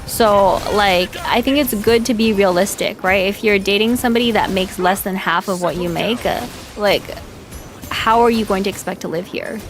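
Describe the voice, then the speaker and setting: A woman's voice: mid-range voice, normal speed, soft background music. A woman streaming as a VTuber in casual, blunt chat, from Canada and filling her talk with "like" and "right?". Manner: blunt, chatty, filler-heavy with frequent "like" and "right?". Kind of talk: casual livestream chat reading viewer comments.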